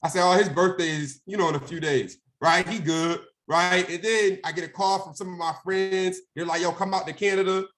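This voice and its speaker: A man's voice: high-pitched, steady tone, brisk, hardly any pauses, fairly bright tone. A young man telling a personal story in a casual, conversational way, often asking "right?" and acting out phone calls. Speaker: guest speaker.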